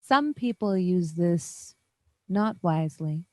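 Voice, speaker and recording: A woman voicing a serene, guarded celestial woman in a tabletop game, speaking slowly and solemnly. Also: fairly low pitch, expressive, no echo.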